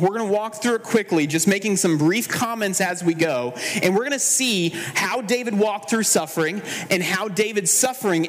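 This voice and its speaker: A man preaching a sermon as pastor, earnest and measured, slowing down for emphasis. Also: high-pitched, in a large hall.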